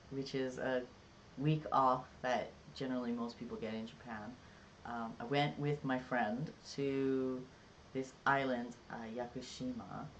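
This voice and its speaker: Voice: medium pitch, lo-fi sound, slight background noise. A live-streamer in casual chat, rambling and jokey, with lots of filler words. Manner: rambling and chatty, many "like"s and "um"s. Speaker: livestreamer.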